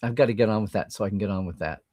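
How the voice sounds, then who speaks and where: A middle-aged man hosting a live stream, reading viewer comments aloud and reacting in a chatty, animated way. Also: fairly low pitch, very fast, no echo.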